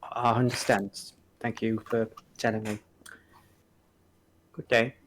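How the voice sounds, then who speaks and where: Man doing hesitant innkeeper, halting, resigned, unhurried. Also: fairly low pitch, little pitch movement, fairly bright tone, slight background noise.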